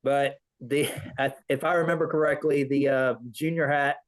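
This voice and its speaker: A man's voice: mid-range voice, fairly even intonation, normal speed, poor audio. A man, a veteran, telling a rambling story in an interview, acting out the voices of people he quotes. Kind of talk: casual storytelling.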